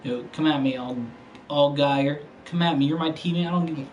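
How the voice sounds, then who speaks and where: A man's voice: a little high, steady tone, fairly quick, a little mellow, a little hiss or hum, poor audio. A man streaming a racing game, talking casually with heavy slang and profane trash talk. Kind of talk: casual gaming commentary.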